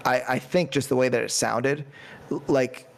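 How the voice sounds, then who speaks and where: Rambling enthusiastic man with gravelly voice. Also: mid-range voice, fairly even intonation, normal speed. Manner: enthusiastic, rambling, heavy on fillers. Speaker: podcast panelist. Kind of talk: casual music review chat.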